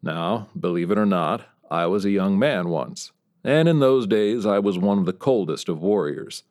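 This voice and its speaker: A man narrating a first-person story in a wry, dry voice with dark humor. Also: low-pitched, animated, moderate pace. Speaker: audiobook narrator.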